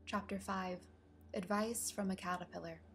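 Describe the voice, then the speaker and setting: A woman reads a classic storybook in a calm, measured voice with a touch of vocal fry. Her pitch sits in an ordinary middle range. Faint music runs underneath. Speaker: narrator. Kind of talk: storybook reading.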